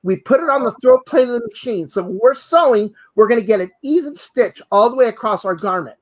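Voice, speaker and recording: With a very high voice, lively intonation and a fairly quick pace, a man who designs costumes and co-hosts shows off sewing gear in an excited chat. Exclamations abound, including repeated cries of "fabulous" and "hello."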